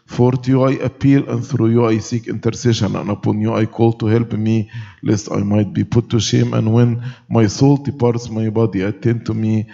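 A man reciting liturgical prayers in a solemn, measured manner, as clergy leading a church service. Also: fairly low pitch, level tone, gravelly, dark tone. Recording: dull recording with long church reverb.

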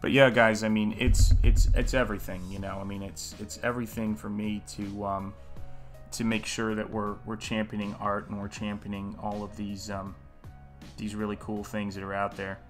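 A man's voice: fairly low pitch, level tone, normal speed, soft background music. A man hosting a live painting stream, talking in a casual, earnest, musing way and greeting viewers in the chat by name.

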